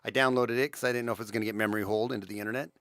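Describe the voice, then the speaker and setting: A man's voice: lowish voice, steady tone, very fast, a bit bright. Chatty man hosting a livestream. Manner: rambling, many fillers and restarts, chatty with viewers. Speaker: livestream host. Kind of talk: casual livestream commentary.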